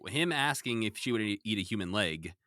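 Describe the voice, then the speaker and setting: A man's voice: fairly low pitch, animated, brisk, bright, forceful tone, no echo, studio quality. A man co-hosting a podcast, recapping a cartoon episode in casual chat and acting out quoted lines. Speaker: podcast co-host.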